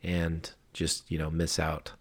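A man's voice: rumbling low, monotone, slow pace, breathy edge. A man co-hosting a podcast, chatting casually about college football in a laid-back way, hedging with lots of fillers. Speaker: podcast co-host. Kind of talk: casual sports chat.

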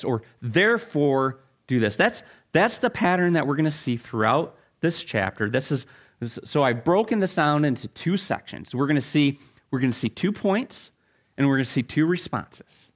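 A man preaching a sermon as pastor, reading scripture, praying and then teaching with animated rhetorical questions that leap up in pitch. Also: unhurried.

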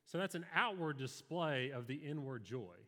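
A man's voice: fairly high pitch, lively intonation, moderate pace, a bit bright, long reverb tail. A man preaching a sermon to a live congregation in an earnest, conversational way, with personal stories. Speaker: pastor.

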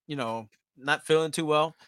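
A man co-hosting a podcast, chatting casually and excitably, swearing freely. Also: on the high side, normal speed, smooth. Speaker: podcast co-host. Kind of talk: casual chat.

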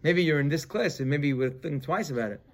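A rabbi leads his weekly class with a gravelly, slightly high voice. He tells the story in an animated way, rising to loud emphasis and then dropping to quiet asides, and he drops Hebrew terms into his English. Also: fast talker.

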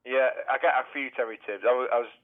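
A man's voice: medium pitch, steady tone, fast. A man working as a car dealer, bantering in a laid-back, teasing way on a phone call. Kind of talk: casual phone chat. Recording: tinny phone line.

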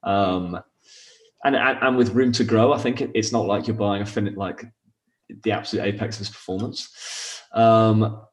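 A man's voice: lowish voice, fairly even intonation, normal speed. A man co-hosting a casual sports podcast, opinionated and peppering his talk with fillers and restarts. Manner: opinionated, fills with "like" and "um", hedging restarts. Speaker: podcast co-host.

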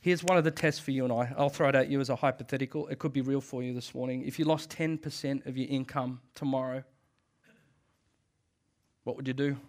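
A man's voice: medium pitch, fairly even intonation, fairly quick. A man giving a sermon as a pastor, emphatic, often repeating phrases and laughing briefly.

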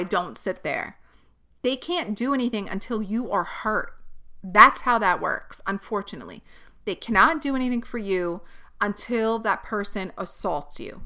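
A woman's voice: on the high side, pushed and bright. A young woman hosting a podcast, venting in an exasperated, profane way. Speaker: podcast host. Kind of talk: candid solo podcast monologue.

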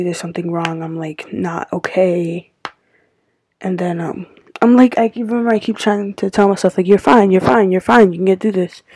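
A woman's voice: mid-range voice, gravelly, warm tone, slightly rough, no echo, rough recording. A woman hosting a casual confessional podcast, rambling with lots of filler words and sometimes dropping almost to a whisper. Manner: rambling, heavy use of "like" fillers; drops to a near-whisper at times. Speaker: podcast host.

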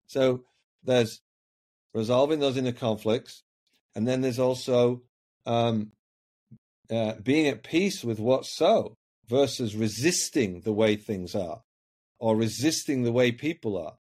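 A man's voice: mid-range voice, unhurried, darkish tone. A man talking as a coaching guest on a podcast, earnest and reflective, often repeating words while he finds his point. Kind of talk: podcast conversation.

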